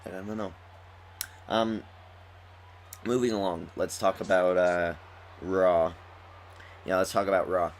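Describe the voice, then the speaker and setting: A man's voice: low voice, fairly even intonation, takes it slowly, pauses often, slight background noise. A young man just woken up, chatting casually and enthusiastically as he comments on a wrestling video game at home. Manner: rambling, chatty, enthusiastic fan talk. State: just woke up. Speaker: gaming commentator. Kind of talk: casual commentary over gameplay.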